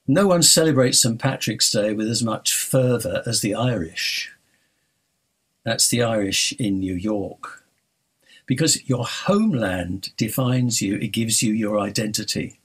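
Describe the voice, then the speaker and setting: A man from North London preaching a sermon, telling stories and stressing key words with dramatic slowdowns. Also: medium pitch.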